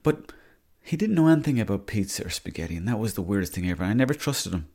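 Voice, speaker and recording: On his podcast, a young Irish man tells rambling comic tales and swears freely. He talks fast with big pitch swings, and his voice is fairly low with a darkish tone.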